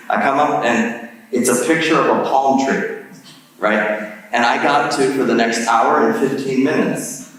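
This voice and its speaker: A man's voice: medium pitch, moderate pace, recorded from a distance. Chatty man lecturing in a reverberant hall. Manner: friendly, self-deprecating, chatty. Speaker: guest lecturer, neuropsychologist. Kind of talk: conversational lecture. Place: large church sanctuary. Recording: echoey hall, mic heard from afar.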